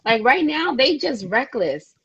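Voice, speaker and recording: A woman's voice: high-pitched, big pitch swings, measured pace, vocal fry, a bit bright, highs cut off, slight background noise. A woman co-hosting a podcast in casual chat, blunt and profane with slangy speech. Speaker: podcast co-host.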